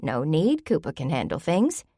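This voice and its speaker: Bossy elderly grandmother, brisk and commanding, low voice, read by a woman narrator. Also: wildly swooping pitch, dark tone, slightly rough, no echo, clean studio sound, full character voice.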